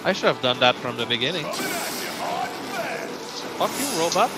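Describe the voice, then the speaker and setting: A man playing a video game, bantering casually, reacting loudly to the action and laughing a lot. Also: a little high, big pitch swings, normal speed. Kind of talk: casual let's-play banter. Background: game music.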